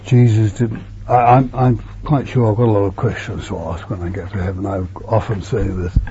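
A man preaching a sermon in an earnest way, repeating words and sometimes dropping to a hush, on a dull lo-fi recording with a faint hum. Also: fairly low pitch, fairly even intonation, moderate pace.

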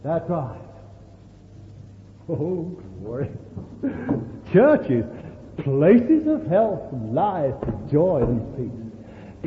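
A man's voice: a little high, very animated, very slow, long pauses, background noise. A man preaching a sermon to a congregation, fervent and exclamatory, calling out to his listeners. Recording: echoey hall, tinny lo-fi line.

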